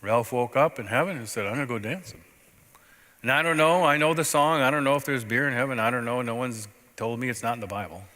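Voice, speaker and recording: A man's voice: mid-range voice, fast, few pauses. Male pastor preaching in a reverberant church. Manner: storytelling, conversational preaching with sudden loud and soft turns. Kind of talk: sermon. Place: church sanctuary. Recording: long reverb of a church sanctuary.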